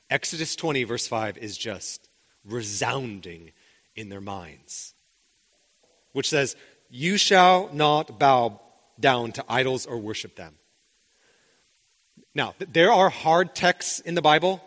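A man's voice: fairly high pitch, lively intonation, moderate pace, a bit bright. A man preaching a sermon as the pastor, talking conversationally with rhetorical questions and frequent restarts. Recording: long hall reverb.

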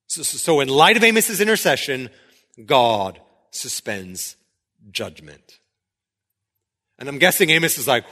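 A man's voice: medium pitch, big pitch swings, unhurried, pauses often, sharp tone. A man reading a scripture passage and then explaining it in a conversational teaching style, often restarting and repeating words. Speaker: Bible teacher. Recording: long hall reverb.

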